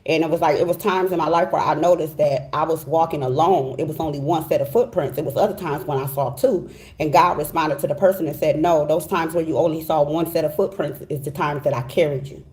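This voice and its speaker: A woman's voice: low-pitched, a little fast, darkish tone. A middle-aged woman giving a casual, heartfelt tarot reading, emphatic and chatty, often asking "okay?". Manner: emphatic, chatty, heartfelt, repeats "okay?" and "you know what I'm saying". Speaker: tarot reader.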